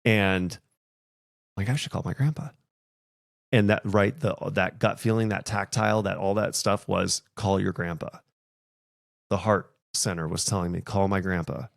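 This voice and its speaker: A man's voice: on the low side, fairly even intonation, moderate pace, creaky, no echo, studio quality. A man hosting a podcast, telling a personal story in a casual, reflective way that turns emotional. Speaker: podcast host.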